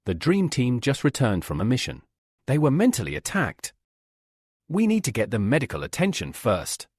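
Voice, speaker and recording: Brief: a firm male medical officer, urgent, husky and dry, read by a male narrator. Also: medium pitch, huge pitch swings, moderate pace, no echo.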